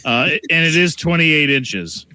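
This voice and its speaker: A man guesting on a comedy podcast. His voice is bright and forceful with lively pitch swings, and the sound is dry and close. He trades playful deadpan one-liners. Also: measured pace, smooth, no echo. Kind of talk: casual comedy banter.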